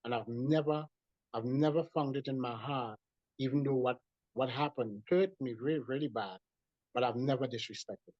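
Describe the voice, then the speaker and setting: A man recounts his own story as an interview guest, with lots of stops and restarts as he goes. He sounds dull and lo-fi, and the recording is dry with no room echo. His pitch sits in the middle range for a man. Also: normal speed. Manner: animated storyteller with repeated restarts.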